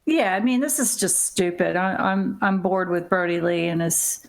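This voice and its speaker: A woman, the host's mother, chatting casually as co-host with wry, unhurried comments. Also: lowish voice, creaky. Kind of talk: casual chat.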